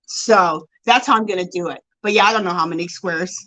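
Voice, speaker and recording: A woman with a lowish voice talks briskly on a casual craft livestream, captured in a low-quality recording. Busy with her yarn, she reads comments aloud and greets viewers by name, chatting animatedly and gushing often.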